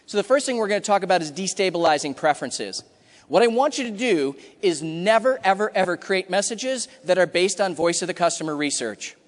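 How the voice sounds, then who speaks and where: A man's voice: high-pitched, animated, a little fast. Punchy male keynote speaker, reverberant hall. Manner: punchy, emphatic delivery with acted-out customer quotes. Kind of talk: energetic conference talk. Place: large conference hall. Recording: hall reverb from a big room.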